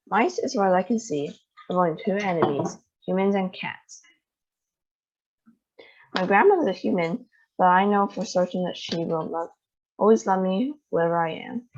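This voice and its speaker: Lively woman reading a storybook. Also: medium pitch, slightly rough. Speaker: storybook reader. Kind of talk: reading a children's novel aloud. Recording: dull lo-fi sound.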